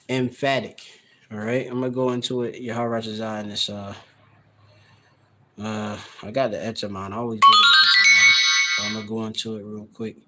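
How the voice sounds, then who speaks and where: A man in a casual scripture study, loose and conversational, reading verses slowly and sounding out words to define them, recorded on a handheld phone. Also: on the low side, bright, forceful tone, a little hiss or hum, rough recording. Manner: loose and conversational, heavy on "you know" and "all right". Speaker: Bible teacher. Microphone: handheld phone camera, no tripod.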